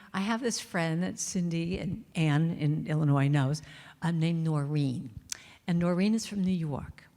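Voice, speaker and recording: A middle-aged woman giving a playful, chatty spiritual talk to a congregation, acting out little quotes as she goes. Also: lowish voice. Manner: warm, chatty, playful, acts out quotes and sings snippets. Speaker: inspirational speaker and singer. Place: large church hall. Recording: long reverb of a large hall.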